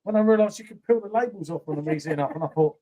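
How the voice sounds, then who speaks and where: A man's voice: high voice, rapid-fire, dark tone. A man, a guest on a live beer stream, pleading and laughing sheepishly with a friend. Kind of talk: casual banter on a live stream.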